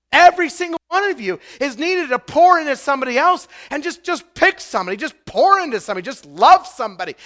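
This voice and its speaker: A middle-aged man from Idaho preaching a sermon, telling personal stories and building to loud, emphatic bursts. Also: extremely high pitch. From Idaho, USA. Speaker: pastor.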